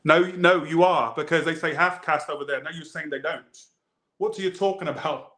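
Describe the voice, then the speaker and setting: A man with a Southern US accent giving a casual tarot reading, animated, blunt and joking. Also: on the high side, brisk, reverberant. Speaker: tarot reader.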